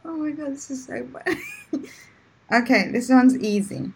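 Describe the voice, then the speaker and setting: A woman's voice: high-pitched, lively intonation, normal speed, gravelly, breathy edge. A woman hosting a live-streamed English lesson, encouraging and laughing often as she quizzes her guest. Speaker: English teacher, host.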